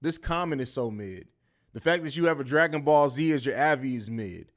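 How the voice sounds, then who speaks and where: A podcast host with a medium-pitched voice, lively intonation, and a brisk pace runs a live post-game sports show. He reads comments from the chat and answers them in a combative, mocking, trash-talking style.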